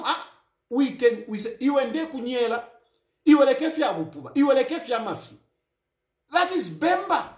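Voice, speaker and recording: A man's voice: extremely high pitch, a bit bright, reverberant. A Zambian man hosting a talk show, speaking in an impassioned political monologue and repeating phrases for emphasis.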